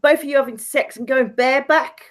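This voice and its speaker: A woman's voice: high-pitched, a little fast. A woman joining a casual live-stream chat over a voice call, making crude jokes. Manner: crude, joking.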